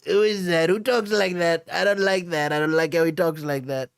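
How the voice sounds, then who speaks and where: A man doing a hoarse, blustering politician impression. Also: a little high, fairly even intonation, moderate pace, no room sound, clean studio sound, voice pushed up. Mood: grumbling. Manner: repetitive, complaining, blunt short sentences. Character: brash blustering older male politician impression, grumbling.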